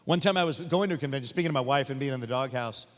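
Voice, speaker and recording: Talking very fast in a mid-range voice, a voice actor on a convention panel stage tells jokey stories, acts out the voices he quotes with animation and takes audience questions. The hall echoes around him.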